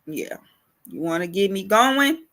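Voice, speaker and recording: A woman's voice: mid-range voice, animated, measured pace, fairly bright tone. A woman urban farmer ranting in a casual vlog, emphatic and repetitive, cussing freely.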